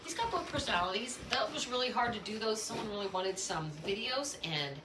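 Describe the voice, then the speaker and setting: A woman's voice: fairly high pitch, lively intonation, a little fast, echoey room, noisy background. A woman breeder talking casually over videos of her dogs, chatty and cooing at the puppies. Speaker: dog breeder. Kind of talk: casual narration over home dog videos. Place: home kitchen under construction.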